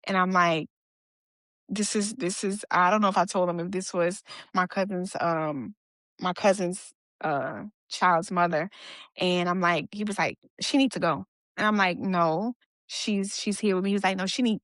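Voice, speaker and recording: A woman's voice: on the low side, fairly even intonation, a little slow, a bit bright, dry recording. Woman retelling her story, dry close sound. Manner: conversational, retelling events with quoted dialogue and fillers. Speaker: guest sharing her story. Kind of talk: personal storytelling in a podcast interview.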